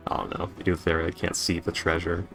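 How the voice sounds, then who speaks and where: A man chatting as a player in a tabletop game, wry and joking in a low-key way. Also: monotone, fairly quick, gravelly, fairly bright tone, soft background music. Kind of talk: casual tabletop chat.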